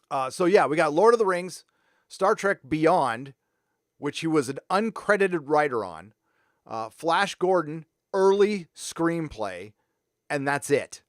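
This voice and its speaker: Profane, blunt livestream host, dry sound. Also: male voice, a little high, clear, resonant tone, dry recording. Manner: blunt, profane, loosely rambling. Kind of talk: casual livestream rant.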